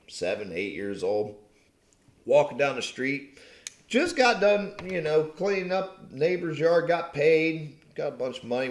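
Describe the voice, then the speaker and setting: A man ranting angrily at his viewers, swearing constantly and mocking them in a combative, profane tone. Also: mid-range voice. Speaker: channel host. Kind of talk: angry profane rant to camera. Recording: roomy echo.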